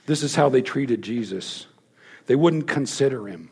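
A man preaching a sermon, telling the story emphatically and dropping to hushed lows. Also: a little slow, husky.

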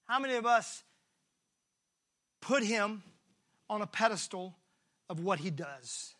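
A man pastor preaching a sermon, repeating his phrases for rhythm and swinging from shouts to hushed lines. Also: sits high, lively intonation, measured pace, long pauses. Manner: acts out the voices of the people in the story.

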